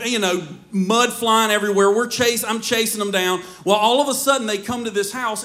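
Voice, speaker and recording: A man preaching a sermon in church, telling a story in an animated way and often laughing as he talks. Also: high-pitched. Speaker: pastor.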